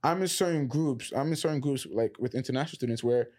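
A man hosting a casual podcast chat, from Nigeria, talking in an animated storytelling way. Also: medium pitch, quick pace. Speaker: podcast host.

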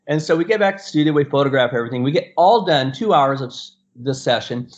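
A middle-aged man and portrait photographer telling a story in an animated way, acting out the other people's lines and laughing often. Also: medium pitch, fast talker. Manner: acts out quoted voices and laughs often. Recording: dull lo-fi sound.

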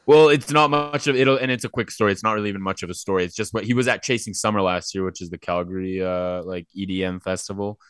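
A man's voice: deep voice, fast, hardly any pauses, fairly bright tone, clear, resonant tone, no echo, clean studio sound. A young man co-hosting a podcast, telling stories in a loose, rambling way with lots of fillers. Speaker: podcast co-host. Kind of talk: casual chat.

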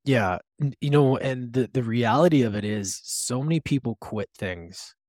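A man's voice: mid-range voice, normal speed, darkish tone, dry recording, studio quality. A man hosting a podcast, enthusiastic and affirming, asking his guest questions. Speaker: podcast host. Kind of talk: casual podcast conversation.

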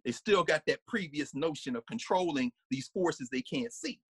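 A man giving a conversational lecture, animated and laughing often, sometimes singing snippets and acting out voices. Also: a little high, normal speed, husky, no echo.

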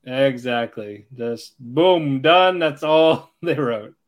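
A man's voice: mid-range voice, expressive, takes it slowly. A man co-hosting a podcast, chiming in with short additions while casually recapping anime episodes. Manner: chimes in with short additions, laughs often. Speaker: podcast co-host.

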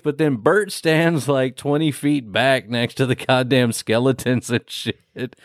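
A man co-hosting a casual podcast, recapping a horror movie with lots of swearing and quick acted-out lines. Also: mid-range voice, no echo, clean studio sound. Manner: profane, animated, acts out movie characters in quick bursts. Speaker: podcast co-host.

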